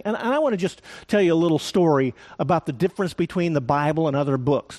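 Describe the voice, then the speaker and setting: A male pastor preaching a sermon, telling an animated story with joking asides. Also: high-pitched.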